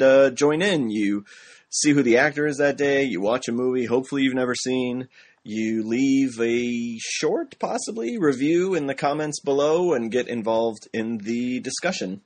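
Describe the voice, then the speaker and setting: A man hosting a casual film podcast with a husky, slightly rough voice. He sounds upbeat and playful, teasing his co-host and running through plugs at a brisk clip. His pitch sits in an ordinary middle range. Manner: upbeat and jokey, rattling off plugs.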